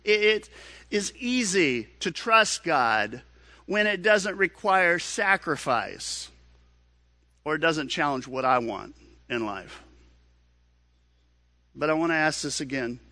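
A pastor preaching a sermon in an earnest, questioning manner, often repeating words. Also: male voice, fairly high pitch, animated, takes it slowly, pauses often, sharp tone, no echo, studio quality.

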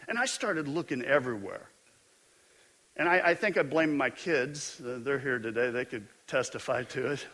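A middle-aged male pastor preaching a sermon, telling stories with animated, self-mocking humor. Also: mid-range voice, moderate pace.

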